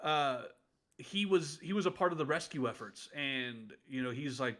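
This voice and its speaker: A man in his late thirties with a slightly high voice tells old stories from his wrestling days in a loose, rambling way. He keeps cracking up as he talks in a casual podcast chat. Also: sing-song, moderate pace, fairly bright tone. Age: late 30s. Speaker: podcast co-host, former wrestler.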